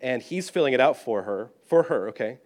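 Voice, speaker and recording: A British-born man, a pastor, telling a personal story in an animated, self-deprecating and humorous way. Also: medium pitch, a little fast. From Britain. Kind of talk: storytelling sermon.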